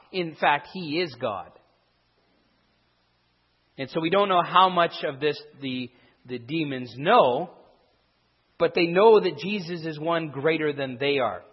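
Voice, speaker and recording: Heard through dull audio with a long hall echo, a man teaches a Bible passage verse by verse. His voice is fairly high with a breathy edge, and he restarts often and stresses words emphatically.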